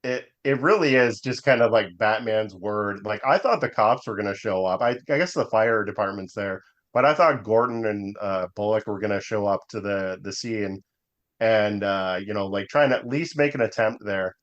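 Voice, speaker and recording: A man co-hosting a podcast in casual chat, hesitant with many fillers, slowing down when he turns reflective. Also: fairly low pitch, highs cut off. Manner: hesitant, many ums and uhs, drifts into slow reflective stretches. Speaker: podcast co-host.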